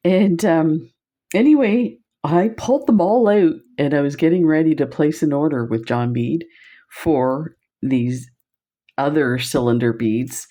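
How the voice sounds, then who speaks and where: Gushing low-voiced woman showing beads. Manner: gushing, excitable, laughs often. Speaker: beading channel host. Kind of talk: casual product showcase vlog.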